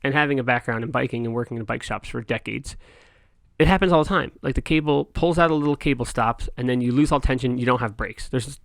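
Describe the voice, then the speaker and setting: A man's voice: medium pitch, quick pace, gravelly, dry recording, clean studio sound. A middle-aged man vlogging, telling a story in a heated, exasperated rant with frequent restarts. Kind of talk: casual rant to camera.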